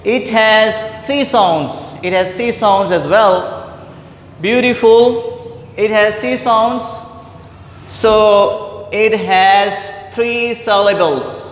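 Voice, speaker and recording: Slow high-voiced teacher, echoey hall. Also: male voice, fairly bright tone. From Pakistan. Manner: repetitive, deliberate, addresses "my dear students". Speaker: English teacher. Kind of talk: classroom grammar lecture. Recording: echoey hall with faint background noise.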